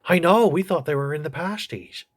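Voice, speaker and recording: A man voicing a crude, gossipy old male politician who reviews a TV show in a comedy sketch, with a husky voice. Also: a little high, a little fast, lightly acted. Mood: snarky.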